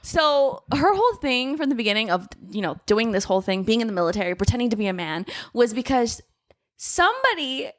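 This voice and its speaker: A woman's voice: fairly high pitch, big pitch swings, a little fast, fairly bright tone, no echo. A young woman co-hosting a book podcast, chatting casually and acting out characters' lines with lots of swearing. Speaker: podcast co-host.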